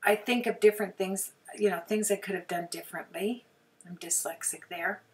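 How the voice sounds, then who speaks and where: A woman with a hoarse, sore throat chatting through a crafting tutorial voice-over, often clearing her throat and apologizing. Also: mid-range voice, steady tone, moderate pace, recorded from a distance. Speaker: card-making crafter.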